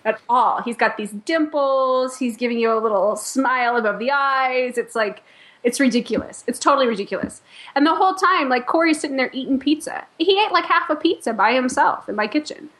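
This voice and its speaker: A woman talks through a story in a loose, chatty way. She peppers her lines with "like" and breaks into laughs. Her voice sits a little high. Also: expressive, a little fast, a bit bright. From Chicago. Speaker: podcast guest, company founder. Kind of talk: casual chat.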